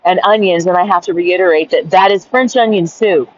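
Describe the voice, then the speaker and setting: A woman's voice: fairly low pitch, fairly quick, dry recording, muffled recording. A woman and caregiver reading her journal aloud and ranting in a blunt, profane, exasperated way.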